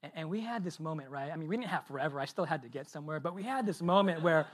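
A man's voice: on the high side, lively intonation, rapid-fire, hardly any pauses. Male pastor telling a story casually. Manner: casual storytelling with many fillers and tag questions. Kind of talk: sermon with a personal story.

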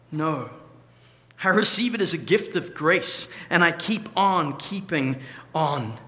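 High, bright-voiced man preaching in a hall. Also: lively intonation. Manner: emphatic, varied delivery with slow stressed phrases. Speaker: pastor. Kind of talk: sermon. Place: church hall.

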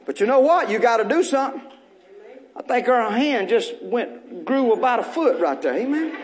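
High-voiced preacher man. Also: animated, moderate pace. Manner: call-and-response preaching, repeating short phrases to the congregation; folksy, joking asides. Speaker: pastor. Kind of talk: sermon.

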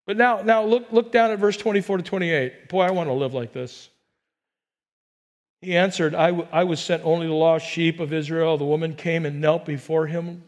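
Pastor guy preaching, high voice, dramatic, acts out the quotes. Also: moderate pace. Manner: animated preaching, voices people in quotes, rises to near-shouts. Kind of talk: sermon.

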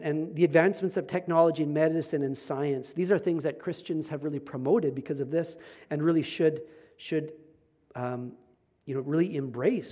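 A man's voice: on the high side, mellow. A male pastor preaching a sermon in a conversational, emphatic way, with self-deprecating asides.

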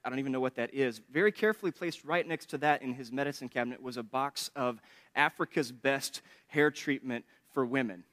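A man's voice: mid-range voice, fairly quick, a bit bright. A man preaching a sermon in a chatty, joking way, laughing often between points. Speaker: pastor. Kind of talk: conversational sermon with humor.

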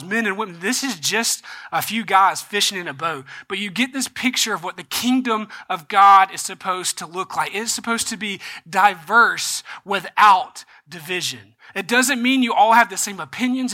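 A man's voice: sits high, bright, forceful tone. A man preaching a sermon as a pastor, in a conversational way that often checks in with his listeners.

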